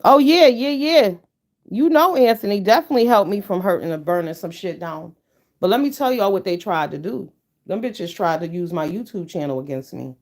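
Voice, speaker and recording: A middle-aged woman YouTuber chats casually with her viewers, telling a story as a blunt, profane, emphatic rant. Her voice sits in the mid-range, with lively intonation and a moderate pace.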